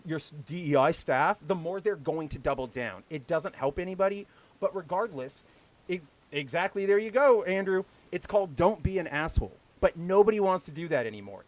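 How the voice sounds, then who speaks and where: A man with a fairly high voice rants on his livestream show. His talk is heated and full of swearing. He mocks the people he complains about with exaggerated quoted voices. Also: normal speed. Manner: heated, profane, with mocking put-on quotes. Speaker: podcast host. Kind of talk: casual ranting livestream talk.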